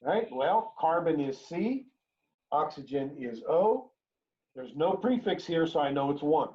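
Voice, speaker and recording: A man's voice: a little high, lively intonation, a little slow. A man teaching an introductory chemistry lecture, repeating key phrases and checking in with "right?" as he works through examples. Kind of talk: recorded online lecture. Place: home or classroom during remote teaching. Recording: dull lo-fi lecture recording.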